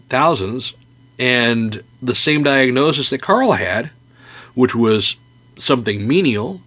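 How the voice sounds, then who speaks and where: A man's voice: medium pitch, bright, forceful tone. A man hosting a podcast, telling stories in an earnest, casual way and then offering encouragement. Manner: earnest, anecdotal, with restarts. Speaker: podcast host.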